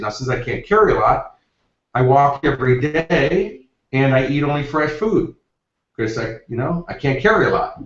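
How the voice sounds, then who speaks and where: Energetic male success coach telling stories. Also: mid-range voice, moderate pace. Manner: energetic, anecdotal, acts out quotes. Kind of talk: interview storytelling. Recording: roomy, distant, dull lo-fi.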